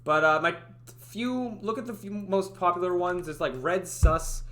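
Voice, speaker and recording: A woman's voice: on the low side, normal speed, a bit bright. A woman game developer chatting casually on a livestream, giggling and rambling through restarts. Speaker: streamer and indie game developer.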